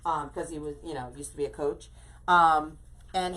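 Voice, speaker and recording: A woman's voice: deep voice, fairly even intonation, normal speed, fairly bright tone. A middle-aged woman hosting a casual craft live stream, chatting effusively and greeting viewers by name as she works.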